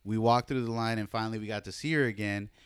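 A young man chatting casually, telling a story with lots of animated retelling and casual swearing. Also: fairly low pitch, quick pace, smooth, no echo. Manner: animated storytelling, acts out quoted voices, laughs often, swears casually. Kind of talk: casual chat.

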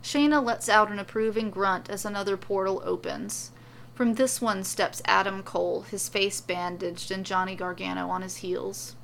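A woman reading a serialized story aloud as its storyteller, with steady, even narration. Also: mid-range voice, normal speed, creaky, slight background noise.

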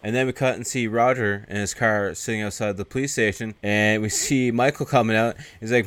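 A man hosting a podcast, casually retelling a movie's plot with loose, profane commentary and quick put-on character lines. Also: fairly low pitch, steady tone, no echo. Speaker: podcast host recapping a movie.

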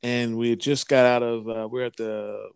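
A man's voice: medium pitch, little pitch movement, moderate pace, gravelly, clean tone, no echo, clean studio sound. A man telling a story in a casual chat, rambling with many restarts. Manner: rambling, lots of fillers and restarts.

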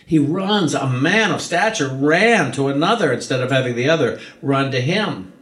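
A man's voice: fairly high pitch, animated, normal speed, a bit bright. A male preacher retelling a parable in a sermon, with emphatic repetition. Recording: roomy echo.

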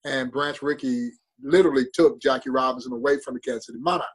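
A man's voice: medium pitch, fairly even intonation, quick pace, husky, poor audio. A man telling a story with passion and drama as a guest on a talk show. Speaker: baseball museum guest. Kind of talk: storytelling interview.

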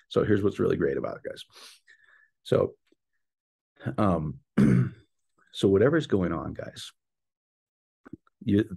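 A man giving an informal, earnest faith talk, speaking directly to his listeners with quick repetitions and restarts. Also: low-pitched, vocal fry, a little mellow, breathy edge. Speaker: Christian teacher.

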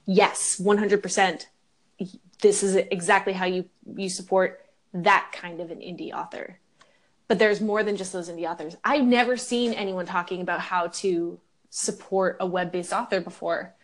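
A woman's voice: fairly low pitch, steady tone, normal speed. A young woman co-hosting a podcast in casual chat, candid and ranting, swearing freely. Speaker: podcast co-host.

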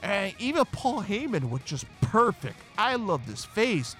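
A man hosting a casual wrestling review podcast, animated and acting out quotes. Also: high-pitched, unhurried, soft background music. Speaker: podcast host.

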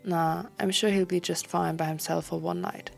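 Woman reading as a bitter, sleepy young guy, soft and half-whispered, a little gravelly. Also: lowish voice, fairly even intonation, moderate pace, faint music behind. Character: young man, drowsy and bitter at 2 a.m.

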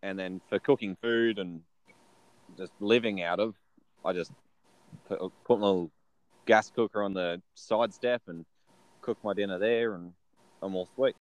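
Deep-voiced laid-back Australian man. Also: a little slow, long pauses, no echo, highs cut off. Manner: laid-back, self-deprecating, easygoing. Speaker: guest. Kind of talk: casual chat.

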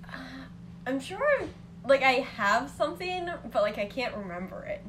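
A young woman recalling childhood crafts in relaxed casual chat, full of filler words. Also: high voice, normal speed, slight background noise, low-quality recording. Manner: easygoing, filler-heavy storytelling.

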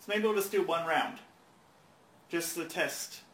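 Man, higher voice, bright, rambling, joking, echoey room. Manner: rambling, halting, quick to joke. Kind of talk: casual chat. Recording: echoey room with faint background noise.

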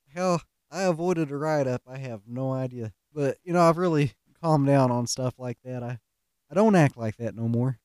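A man's voice: mid-range voice, a little slow, darkish tone, smooth, no room sound, clean studio sound. A middle-aged man, telling stories in a folksy, self-mocking way and laughing at his own pranks. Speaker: podcast host. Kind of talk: casual storytelling monologue.

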